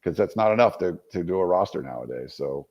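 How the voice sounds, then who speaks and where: A man's voice: deep voice, animated, quick pace, dull audio. A male podcast co-host in casual sports chat, talking loosely and rambling.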